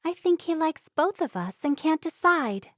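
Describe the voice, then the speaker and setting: A gentle, caring young woman from a storybook, as a female narrator plays her. She speaks in a reassuring way, and the voice sounds close and dry. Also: high voice, lively intonation, unhurried, no echo, pitched above the performer's own voice.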